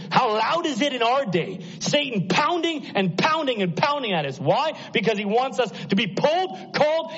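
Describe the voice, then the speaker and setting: A man preaching a sermon, moving between urgent, raised exhortation and soft, hushed near-whispers. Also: very high voice, slightly rough. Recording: muffled lo-fi sound.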